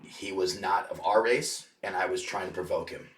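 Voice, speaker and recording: Low-voiced man, podcast guest, rambling storyteller, swears constantly, roomy echo. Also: normal speed, fairly bright tone, far from the mic. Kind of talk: casual storytelling. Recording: echoey room, off-mic.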